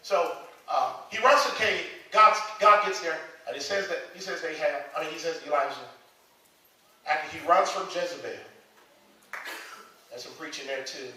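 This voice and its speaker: A man's voice: a little high, normal speed, pauses often, bright, forceful tone. A man preaching a sermon to his congregation, stammering and repeating himself as he talks to the pews. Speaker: pastor. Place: church sanctuary. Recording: echoey sanctuary, distant mic.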